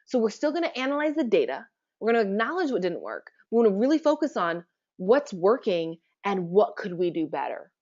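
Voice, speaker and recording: A woman giving a conversational webinar presentation, chatty and relaxed, often asking her listeners rhetorical questions. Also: mid-range voice, a little fast, lo-fi sound.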